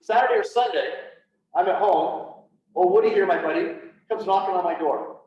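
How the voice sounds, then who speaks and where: Man, fairly high voice, earnest and halting storyteller addressing a room; recorded from a distance, dull and echoey. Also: a little mellow. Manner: earnest, halting, with frequent restarts. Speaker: public speaker on PTSD. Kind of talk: personal storytelling talk. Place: event room, speaking to an audience.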